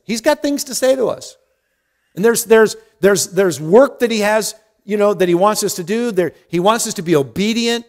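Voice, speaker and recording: A man with a somewhat high-pitched voice teaches a Bible study from the pulpit. He reads each verse aloud, then talks it over in an easy, conversational tone. The sound carries a long reverb, as in a large sanctuary. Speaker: pastor.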